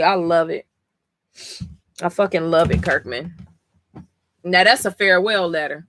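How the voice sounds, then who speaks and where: A woman talking casually on a live stream, tired after a long session, excitable and full of swearing. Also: on the low side, moderate pace, dry recording, studio quality. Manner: excitable, profane, emotional. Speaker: live-stream comic reader.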